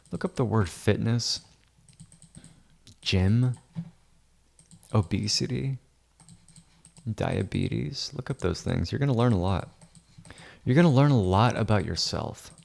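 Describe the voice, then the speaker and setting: Low gravelly man joking on a livestream. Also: unhurried, pauses often, darkish tone. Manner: boastful, joking rambling asides; drops to a whisper for asides. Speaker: photo editor streaming his work. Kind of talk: casual livestream commentary.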